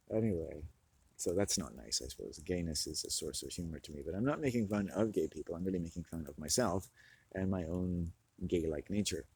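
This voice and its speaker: A man with a low, husky voice rambles through a comic monologue. He mocks himself and keeps laughing at his own jokes. The sound is dry and close, with no room around it. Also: animated, normal speed, darkish tone, no echo. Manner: rambling, self-mocking, laughs often.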